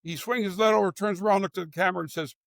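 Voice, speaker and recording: An older man with a fairly high voice tells stories in a casual interview, often backing up to restart a sentence. The sound is dry and close, with no room echo. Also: steady tone, rapid-fire, vocal fry, fairly bright tone. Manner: storytelling with frequent restarts. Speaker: guest, former executive. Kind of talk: conversational interview.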